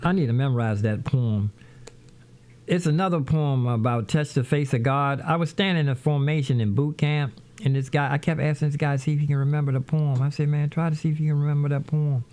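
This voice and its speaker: A middle-aged man hosting a casual livestream from his home studio, rambling to his viewers while he sets up music software. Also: fairly high pitch, fairly even intonation, brisk. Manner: rambling, talks to viewers as "y'all".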